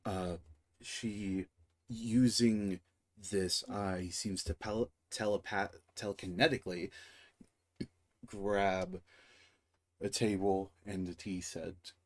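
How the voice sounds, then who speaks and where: A man running a tabletop game as dungeon master, narrating in a halting way with frequent pauses and restarts. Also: low voice, fairly even intonation. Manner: halting, slow, many fillers and restarts.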